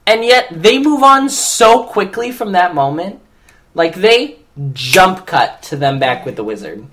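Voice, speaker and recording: Low voiced woman podcast cohost, wry jokey recap, voice swings around a lot. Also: very animated, a little slow, a bit bright. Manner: wry, joking commentary. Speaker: podcast co-host. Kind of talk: casual chat recapping a film.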